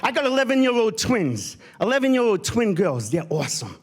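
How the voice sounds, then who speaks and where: A man from Rhode Island doing a stand-up routine on a theatre stage, landing punchlines deadpan. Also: fairly quick. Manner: deadpan punchlines, voice swinging high and low. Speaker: stand-up comedian.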